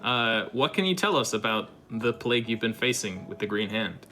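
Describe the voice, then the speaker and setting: A man's voice: on the low side, big pitch swings, normal speed, pushed and bright. A man playing a tabletop game, decisively declaring his character's actions. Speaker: player.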